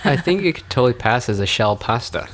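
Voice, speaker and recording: A man guesting on a podcast in casual chat, hesitant and soft-spoken with many fillers. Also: mid-range voice, big pitch swings, fast.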